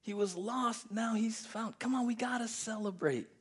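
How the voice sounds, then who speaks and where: Man putting on a high, pleading loving father. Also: moderate pace, husky. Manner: loud, high and coaxing, drawn out. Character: tender pleading older father, warm and eager.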